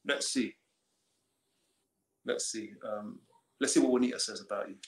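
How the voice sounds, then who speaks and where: A man's voice: fairly low pitch, normal speed. A man chatting playfully as a podcast guest about marriage. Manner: playful, joking. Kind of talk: casual conversation. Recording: roomy echo.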